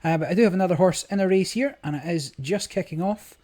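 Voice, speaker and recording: A man's voice: high-pitched, quick pace, warm tone. A man giving casual, rambling commentary on his screen recording, with many fillers. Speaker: gaming vlogger. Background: game music.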